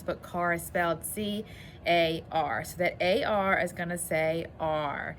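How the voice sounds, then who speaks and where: A woman teacher giving a phonics lesson to children and reading a story aloud, clearly enunciating in an encouraging way. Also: fairly low pitch, slight background noise.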